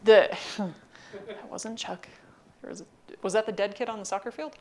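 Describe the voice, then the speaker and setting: Woman lecturer spinning funny campus stories, dry asides, mid pitch. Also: normal speed. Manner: wry, animated anecdotes with deadpan asides. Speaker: university lecturer. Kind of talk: storytelling lecture.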